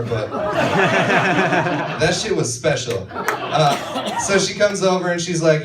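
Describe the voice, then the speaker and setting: A man from northern Minnesota doing a stand-up comedy set on a club stage, telling stories deadpan and acting out the quoted voices. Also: fairly high pitch, slow pace, pauses often, a crowd in the background. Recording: echoey club, far-off mic, audience noise.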